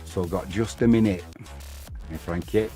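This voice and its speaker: A man's voice: sits low, moderate pace, dark tone. Casting: man, live football watch-along host, easygoing chat with viewers, faint music underneath. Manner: chatty, reads out viewer comments between plays.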